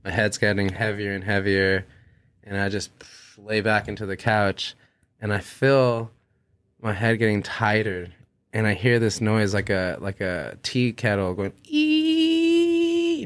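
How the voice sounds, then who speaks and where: A young man with a low, smooth voice, recorded dry and close. He tells a long story in a loose, rambling way, full of fillers and cursing. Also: fairly bright tone, no room sound. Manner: rambling, heavy on fillers and swearing. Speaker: musician guest. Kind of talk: casual storytelling.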